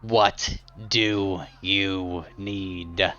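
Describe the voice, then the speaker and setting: A man voicing a terse male stone gargoyle who speaks in slow, flat, few words. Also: low voice, lo-fi sound, soft background music, pitched below the performer's own voice, exaggerated voice.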